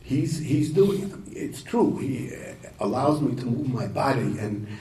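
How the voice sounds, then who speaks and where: A man telling a story and talking to yeshiva students, halting and repeating words, with Yiddish and Hebrew terms. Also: mid-range voice, lively intonation, mellow. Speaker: speaker addressing yeshiva students. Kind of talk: informal talk to students, storytelling. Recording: echoey room, voice from far off, faint noise.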